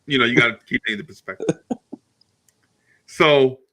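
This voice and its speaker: A middle-aged man hosting a podcast. He tells a story in a casual, animated way, laughs often and keeps repeating words. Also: mid-range voice, moderate pace. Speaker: podcast host.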